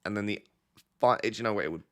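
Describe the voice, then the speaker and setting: A man's voice: on the low side, quick pace, a bit bright. A man talking casually on a live stream, rambling and self-deprecating as he thinks aloud to his chat, his voice slightly bunged up. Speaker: fantasy football streamer.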